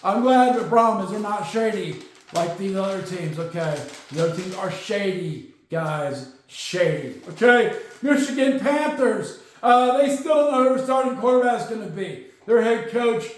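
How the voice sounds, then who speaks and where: A man's voice: high voice, expressive, moderate pace. A man hosting a solo sports podcast, ranting his opinions and tagging points with "okay?". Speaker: podcast host. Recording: very echoey room.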